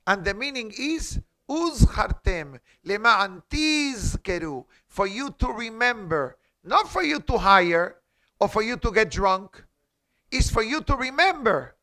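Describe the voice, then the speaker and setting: A man's voice: high-pitched, sing-song, a little slow, bright, forceful tone. A man giving a class as a rabbi in a synagogue, teaching in an emphatic way, quoting Hebrew and asking rhetorical questions. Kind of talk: halakha class.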